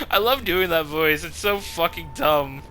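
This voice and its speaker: A man's voice: a little high, pushed and bright, a little hiss or hum. Cursing young man streaming a game. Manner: swears a lot, laughs at his own jokes. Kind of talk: casual gameplay commentary.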